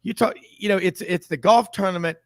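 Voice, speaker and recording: A man's voice: high-pitched, brisk, fairly bright tone, dry recording. A man hosting a sports talk radio show, chatty and rambling, laughing often.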